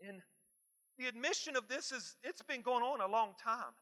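Preacher man, very high and piercing, emphatic and repetitive, big hall reverb. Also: normal speed. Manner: emphatic, repeats phrases, swings from soft to shouting. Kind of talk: sermon.

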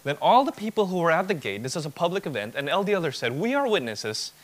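A man's voice: a little high, animated, racing. A man preaching an expository sermon, emphatic, building points through rhetorical repetition.

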